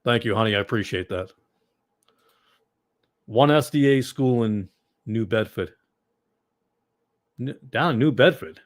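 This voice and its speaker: A man with a Boston accent hosting a ministry livestream, chatting casually and answering viewers in a rambling, digressive way with sudden loud bursts. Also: medium pitch, animated, measured pace, long pauses, no room sound, clean studio sound. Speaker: ministry host.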